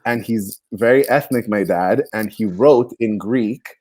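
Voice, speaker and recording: A man's voice: fairly low pitch, unhurried, a little mellow, no echo. A male comedian, a guest on a casual podcast, who tells a story and laughs at his own punchline. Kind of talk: casual chat.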